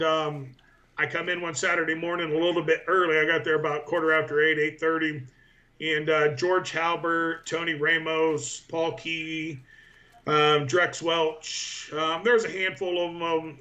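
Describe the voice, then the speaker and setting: Male powerlifter guest, 40s, casual storyteller, filler-heavy and rambling, bright tone. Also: a little high. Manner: rambling anecdotes with many fillers.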